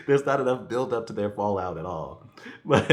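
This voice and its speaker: A man giving a casual, rambling film review, laughing often and swearing freely. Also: mid-range voice. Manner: rambling, chuckling, profane. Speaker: movie reviewer.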